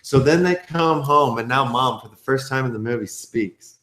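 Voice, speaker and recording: A man's voice: mid-range voice, normal speed, fairly bright tone, echoey room, a little hiss or hum. A man co-hosting a casual podcast, giving a rambling, profane recap of a movie. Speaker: podcast co-host.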